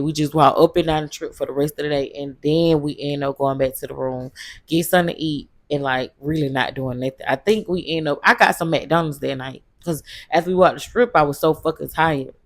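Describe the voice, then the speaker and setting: A woman's voice: deep voice, dry recording. A woman vlogger casually telling a travel story, loose and slangy with lots of fillers.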